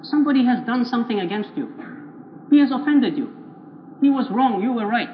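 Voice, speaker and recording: A man with a high-pitched voice preaches bluntly and poses questions to his listeners. The recording is dull and lo-fi, with faint background noise. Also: lively intonation, fairly quick. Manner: blunt, rhetorical, acts out imagined listeners. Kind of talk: sermon.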